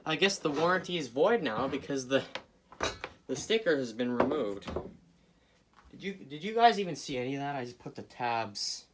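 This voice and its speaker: A man hosting a casual repair video, rambling and joking to his viewers as he works, often away from the camera and now and then breaking into loud bursts. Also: mid-range voice, sing-song, normal speed, background noise. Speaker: hobbyist video host repairing a clock. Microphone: camera mic, speaker often away from camera.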